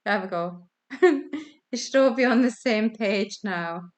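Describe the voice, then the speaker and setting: A woman's voice: medium pitch, takes it slowly. Chatty woman quiz host. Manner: chatty, giggly, self-deprecating. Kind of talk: casual online quiz hosting. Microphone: video call.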